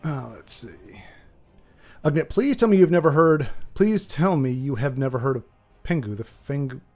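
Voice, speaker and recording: A man's voice: medium pitch, expressive, normal speed, a little mellow, faint music behind. A man hosting a livestream, talking in a rambling, playful, self-correcting way to his chat. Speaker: streamer host.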